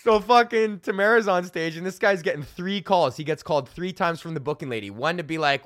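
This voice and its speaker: A man with a bright, forceful voice rants through a crude backstage story as a comedy podcast host, swearing freely and laughing as he rambles. His voice sits a bit high for a man. The sound is close and dry, with no room around it. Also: fairly quick, hardly any pauses, no echo. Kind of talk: casual storytelling rant.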